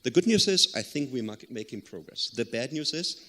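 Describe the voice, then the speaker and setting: A man's voice: medium pitch, animated, normal speed, bright, forceful tone. A man answering as a panelist, telling a story earnestly with some hesitant fillers. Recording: long hall reverb.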